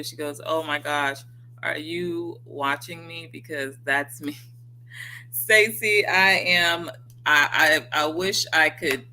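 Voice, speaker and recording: A woman's voice: on the low side, bright, forceful tone, low-quality recording. A woman hosting a livestream, talking earnestly and encouragingly straight to her viewers and acting out the voices in their heads. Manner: acts out quoted inner voices. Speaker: livestream host. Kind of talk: motivational livestream talk.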